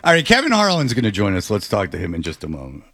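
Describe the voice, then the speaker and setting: A male sports radio host talking into a studio mic in loose, bantering on-air chat. His pitch swings up and down a lot as he tells stories, and he keeps slipping into other people's voices. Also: fast, very noisy. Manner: animated storytelling, jumping into voices.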